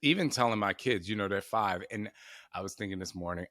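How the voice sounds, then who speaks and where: A man's voice: on the low side, fairly quick, sharp tone, no echo, studio quality. A man in his forties hosting a podcast, chatty and laughing in casual conversation. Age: 40s. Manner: chatty, laughs between phrases. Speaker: podcast host.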